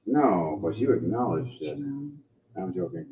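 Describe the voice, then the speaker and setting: A man narrating as game master of a tabletop game, lively and full of sound effects. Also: low-pitched, unhurried, narrow, tinny audio.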